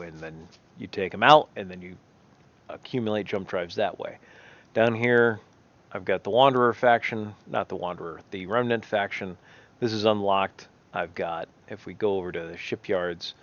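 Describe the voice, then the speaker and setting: A man's voice: fairly low pitch, fairly bright tone, dull audio. A man giving casual, rambling game commentary, often correcting himself as he thinks aloud. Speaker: gameplay commentator.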